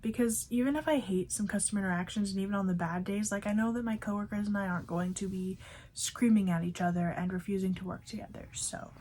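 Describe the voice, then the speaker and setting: A woman's voice: mid-range voice, fast, a little mellow. A young woman vlogger telling a storytime about a past job, chatty and full of fillers like "like" and "you know". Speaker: fast food worker. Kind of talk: storytime vlog.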